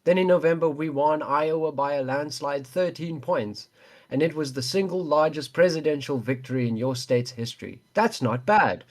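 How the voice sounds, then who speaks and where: A man's voice: fairly high pitch, moderate pace, close to an everyday voice. A man reading as a boastful rambling politician. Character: male politician reading a rambling rally speech.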